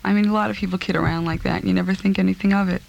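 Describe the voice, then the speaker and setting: A woman recounting a personal ordeal in an interview, speaking in a halting, subdued way and repeating herself. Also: medium pitch, fairly even intonation, creaky, darkish tone, dull audio.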